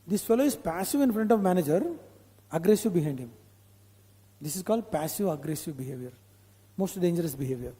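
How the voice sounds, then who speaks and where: Male corporate trainer, Indian English, high mellow voice, lecture hall echo, quizzes the room. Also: expressive, fairly quick, pauses often. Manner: conversational, repeats points, quizzes audience with "huh?". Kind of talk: live training session. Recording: long hall reverb.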